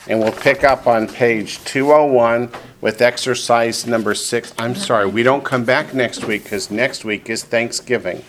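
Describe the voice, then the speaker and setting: A man's voice: medium pitch, fairly even intonation, unhurried, hardly any pauses, fairly bright tone, a little hiss or hum. A man teaching a classroom lesson who repeats each student's answer back and then explains it patiently, step by step. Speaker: Hebrew teacher.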